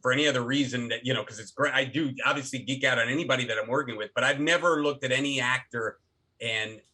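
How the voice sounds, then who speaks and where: A middle-aged man talks as a podcast guest, spinning stories and tumbling through quick restarts. His voice is bright and forceful, sitting at an ordinary pitch for a man. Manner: animated storyteller with many restarts. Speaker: guest, actor and filmmaker. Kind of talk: casual interview talk.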